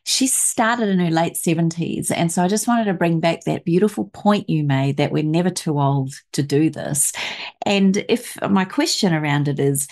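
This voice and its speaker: A woman's voice: fairly low pitch, normal speed, a little mellow. A woman hosting a casual chat, asking long, winding questions. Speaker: host.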